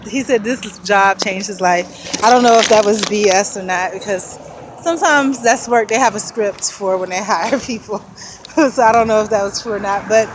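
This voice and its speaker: Recording a casual walking vlog on a handheld camera, a breathless woman rambles and thinks aloud on a busy city street, laughing often. Her pitch is fairly high. Traffic and street ambience surround her.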